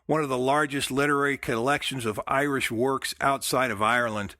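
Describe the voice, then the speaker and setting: A man's voice: mid-range voice, steady tone, sharp tone, dry recording, clean studio sound. A middle-aged American man hosting a radio show, talking casually with frequent fillers and restarts. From United States. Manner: halting, with many fillers and restarts. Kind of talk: casual phone interview and show sign-off.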